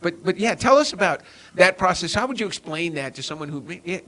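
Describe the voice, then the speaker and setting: Earnest male podcast host, slightly high. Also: animated, fast talker, bright, forceful tone. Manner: earnest, restarts often with repeated words. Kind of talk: casual interview chat.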